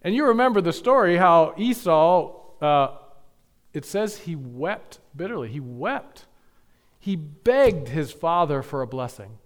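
A male pastor preaching a sermon, building to emphatic peaks and dropping to quiet asides. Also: on the high side, animated, normal speed.

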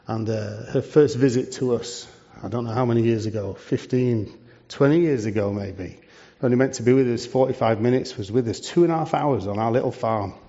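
A man's voice: medium pitch, a little fast, mellow. A man, a charity leader giving a preaching talk to a church, conversational and full of rhetorical questions. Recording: dull lo-fi sound.

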